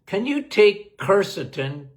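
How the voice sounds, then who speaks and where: Folksy, high, animated male doctor. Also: slow pace. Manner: emphatic, folksy, laughing. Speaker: doctor hosting a health Q&A. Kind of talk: casual live Q&A.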